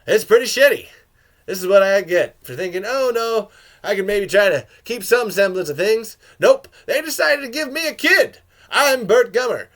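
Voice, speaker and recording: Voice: mid-range voice, expressive, normal speed, fairly bright tone, lightly acted. A fan commentator briefly speaking as the bitter male survivalist character, sarcastic and complaining.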